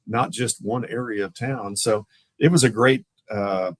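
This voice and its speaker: An older man, a former police officer telling animated stories in a casual chat. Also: lowish voice, measured pace, no echo, poor audio. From Tulsa, Oklahoma. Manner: animated, acts out others' voices in his stories; laughs often mid-story.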